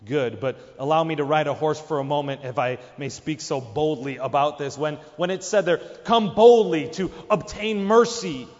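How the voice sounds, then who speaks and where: A man's voice: a little high, brisk, few pauses, big-room sound, highs cut off. A man preaching a sermon, emphatic, his voice jumping up for quoted lines. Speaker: pastor.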